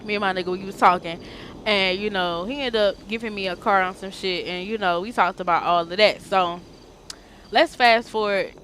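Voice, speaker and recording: A woman streamer telling a casual story time in an animated, slangy, profane way. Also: medium pitch, moderate pace, slight background noise.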